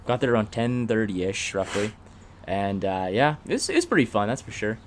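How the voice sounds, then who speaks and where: A man's voice: on the low side, very animated, normal speed, a little hiss or hum. A young man co-hosting a casual podcast, chiming in with dry teasing remarks. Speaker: podcast co-host. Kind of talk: casual chat.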